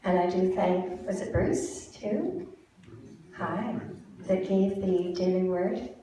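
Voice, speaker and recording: A woman leading a church congregation through breathing and a song, speaking in gentle, encouraging, unhurried instructions. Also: fairly low pitch, crowd noise. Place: church sanctuary with live audience. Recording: very echoey room, mic far off, music behind.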